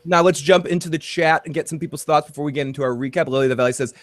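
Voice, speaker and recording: Rambling, higher-voiced man host. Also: racing, dry recording. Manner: rambling, repeats words as he restarts. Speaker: host reading live chat. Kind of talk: casual TV recap chat.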